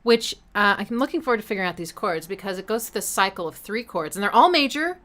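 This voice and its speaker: A woman's voice: medium pitch, lively intonation, quick pace, fairly bright tone. A woman hosting a listening party, eagerly breaking down a song's rhythms and chords, scatting riffs and swearing casually when she slips. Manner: enthusiastic, hums and scats rhythms, swears casually. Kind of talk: casual music breakdown chat. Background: album music playing.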